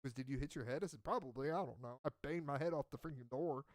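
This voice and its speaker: Casual podcast host, male, mid-pitched, rambling storyteller who acts out every quote, recorded dry and close. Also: fast, no echo. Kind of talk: casual chat.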